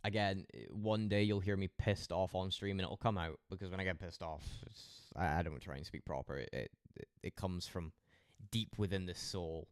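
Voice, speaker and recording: A man's voice: sits low, normal speed, clean tone, no room sound, studio quality. A Scottish man chatting loosely with his stream audience, rambling and swearing freely. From Scotland. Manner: rambling, heavily profane banter. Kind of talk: casual live-stream chat.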